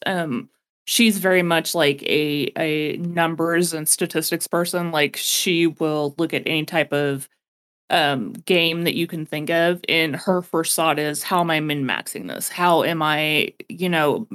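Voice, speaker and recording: A woman co-hosting a podcast, chatting casually in an articulate, expressive way. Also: sits low, a little slow. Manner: articulate, expressive, bursts into laughter. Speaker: podcast co-host. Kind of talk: casual chat.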